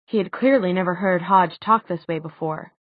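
A woman's voice: on the low side, moderate pace, no room sound. Woman reading an audiobook, phone-like tinny audio, dead dry. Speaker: audiobook narrator. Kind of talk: scripted narration.

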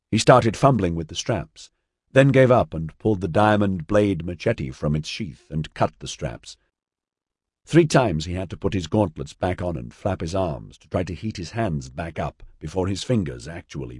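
A man narrating a story in a measured, expressive reading. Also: sits low, slightly rough, dry recording, clean studio sound. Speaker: audiobook narrator. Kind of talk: scripted narration.

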